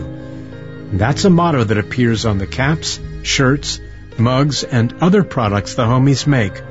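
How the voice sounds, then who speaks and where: Measured male radio host. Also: mid-range voice, dull audio. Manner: thoughtful, measured questions. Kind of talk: public radio interview.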